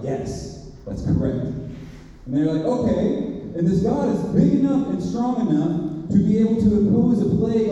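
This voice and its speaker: A man with a high, dark and mellow voice preaches a sermon, chatting his way through a story and acting out the people in it. He is recorded from a distance in a long, echoing hall, and the sound is dull. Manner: conversational, acts out characters in quotes.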